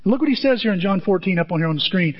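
A middle-aged man preaching a sermon, telling stories with lively jumps in pitch and quick asides. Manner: animated storytelling with sudden pitch jumps and asides. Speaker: pastor. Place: church auditorium. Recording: dull sound in a reverberant hall.

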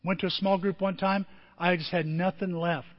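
A man pastor preaching a sermon with emotion, his voice moving from quiet and tender to loud and emphatic. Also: high-pitched, flat delivery, moderate pace, long reverb tail, highs cut off. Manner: emotional, swings from soft to emphatic.

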